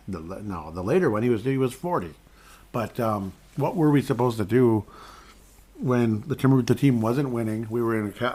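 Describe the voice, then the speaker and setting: A man's voice: fairly low pitch, a little mellow. A man hosting a solo basketball podcast, rambling in a chatty way and reading out listener messages. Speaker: podcast host. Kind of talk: solo sports podcast commentary.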